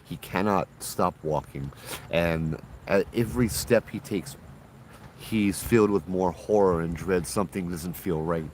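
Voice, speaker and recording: Deep-voiced man telling a ghost story. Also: unhurried, a little hiss or hum. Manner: relaxed, chatty, acts out quoted voices.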